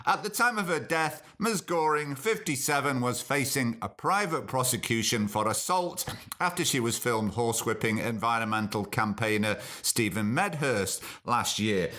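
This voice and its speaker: A man's voice: medium pitch, expressive, normal speed, bright, forceful tone. A man hosting a show, reading news stories aloud and breaking in with sarcastic, mocking asides. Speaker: host.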